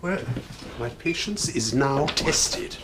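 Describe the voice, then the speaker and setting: An actor playing a coldly polite gangster who threatens a call-centre manager. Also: male voice, a little high, lively intonation, takes it slowly, noisy background. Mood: menacing. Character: menacing male gangster extorting a call centre. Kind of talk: sitcom acting.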